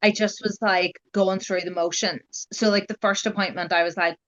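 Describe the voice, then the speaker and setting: A young woman talks through her experience in loose, conversational storytelling, dotting her sentences with "like" and "you know". Her voice sits at an ordinary middle pitch for a woman. The audio is slightly dull and muffled. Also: fairly even intonation, normal speed, fairly bright tone. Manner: chatty, heavy use of "like" and "you know". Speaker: guest sharing her genetic testing experience.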